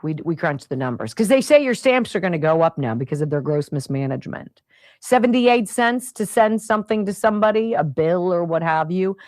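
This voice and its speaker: A woman's voice: fairly low pitch, animated, brisk, darkish tone, no room sound, clean studio sound. A woman hosting a radio talk show, ranting with sarcastic exasperation. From Pennsylvania, United States.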